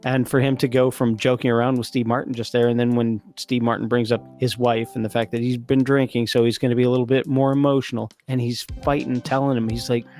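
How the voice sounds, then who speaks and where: A man's voice: medium pitch, flat delivery, quick pace, hardly any pauses, a little mellow. Film-review co-host, male, easygoing and enthusiastic; light music bed. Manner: enthusiastic, laughs often, retells movie lines. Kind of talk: casual chat.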